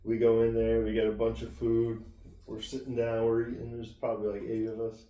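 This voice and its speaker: A man's voice: medium pitch, completely flat delivery, a little fast, mellow, roomy sound, recorded from a distance, dull audio. A man co-hosting a podcast, telling profane, laid-back stories in casual chat. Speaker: podcast co-host.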